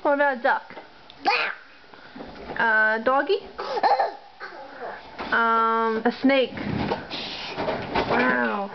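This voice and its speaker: A woman's voice: a little high, fairly even intonation, very slow, vocal fry, long pauses. A woman using patient, sing-song baby talk to coax a toddler while filming him at home on a camcorder. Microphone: handheld camcorder. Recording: muffled home video with background noise.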